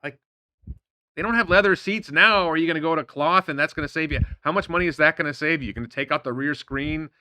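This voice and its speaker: A middle-aged man hosting a stock market livestream, talking in an animated, indignant way with lots of rhetorical questions. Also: on the high side, quick pace, dry recording. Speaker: stock market show host. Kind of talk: livestream commentary.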